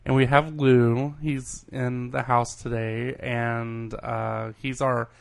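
A man with a Southern US accent, hosting a casual chat show in a wry, relaxed way. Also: medium pitch, slow pace, creaky. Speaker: podcast host.

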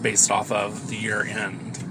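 A man with a bright, forceful voice, joking and blunt in casual chat from inside a car. He swears freely and keeps a teasing edge, with faint road noise under him. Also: fairly low pitch, monotone, slow, rough recording. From US South. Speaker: podcast co-host.

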